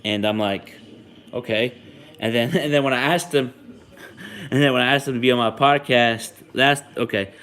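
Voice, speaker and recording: A man's voice: medium pitch, normal speed, a bit bright. A young man hosting a sports podcast, chatting casually and rambling with frequent ums and restarts. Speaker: podcast host.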